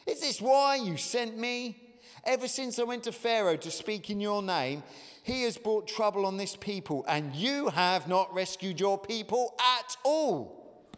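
A preacher acting out an angry, petulant prophet. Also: male voice, high voice, lively intonation, measured pace, fairly bright tone, big-room sound, pitched above the performer's own voice. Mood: exasperated. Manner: pleading, raised and accusing. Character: frustrated, petulant male prophet crying out to God.

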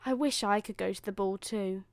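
A woman voicing Cinderella, a gentle, hopeful young woman, in a storybook reading. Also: medium pitch, moderate pace, dry recording, studio quality, lightly acted. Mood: wistful.

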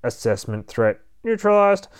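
A raised, brighter voice for a small battered blue robot, as a man puts him on, rattling off clipped system readouts and stuttering when scared. The tone is smooth and clear, close and dry, like a comic being read aloud at home. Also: sits high, sing-song, a little slow, dry recording, pitched above the performer's own voice. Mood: robotic. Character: small damaged blue robot, stammering and fearful.

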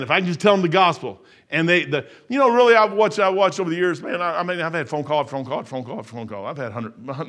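A middle-aged man with a medium-pitched voice preaches a sermon in a folksy, emphatic style. He repeats phrases and swings between raised passages and quiet asides.

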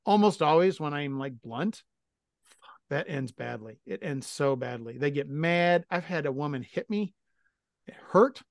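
A man's voice: on the high side, lively intonation, normal speed, vocal fry, no echo, clean studio sound. A middle-aged man co-hosting a podcast, telling stories in a blunt, profane, self-mocking way. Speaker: podcast co-host. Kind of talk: casual chat.

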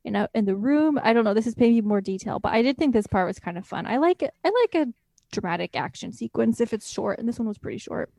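A woman's voice: on the high side, animated, fast, vocal fry, dark tone, no echo, clean studio sound. A woman recapping a movie in casual chat, with wry asides and frequent laughter. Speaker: podcast co-host.

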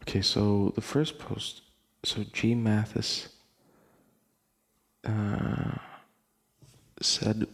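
A man's voice: lowish voice, little pitch movement, takes it slowly, vocal fry, pauses often, breathy edge. A young man hosting a casual late-night podcast, rambling, laughing often and swearing casually. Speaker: podcast host.

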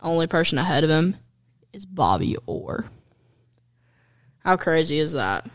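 A young man giving casual, excitable commentary over hockey highlights, chatty and fan-like, with fillers and slang. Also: a little slow.

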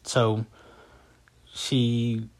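A man casually telling a personal story as a vlogger, rambling and conversational with a calm, matter-of-fact delivery. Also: mid-range voice, extremely slow. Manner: rambling and conversational, with frequent fillers and restarts.

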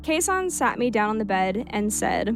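A woman reading a creepy first-person story aloud at a steady pace, now and then breaking off for casual asides. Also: medium pitch, moderate pace, creaky, music in the background. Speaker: horror story narrator.

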